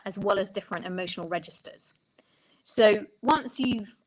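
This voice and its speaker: A woman's voice: mid-range voice, a bit bright, poor audio. A woman songwriting coach explaining ideas in an interview, talking thoughtfully and often restarting her sentences.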